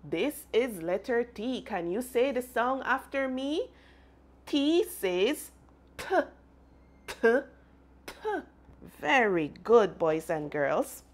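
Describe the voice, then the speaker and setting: A woman teaches young children phonics, speaking very slowly and sounding out each letter sound. Her bright, sing-song pitch swoops up and down as she invites the class to repeat after her.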